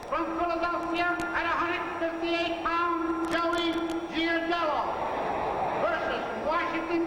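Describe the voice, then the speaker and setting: Man, ring announcer, slow measured proclaiming, high flat voice, echoey arena PA from far off, noisy. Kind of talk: formal fight introduction.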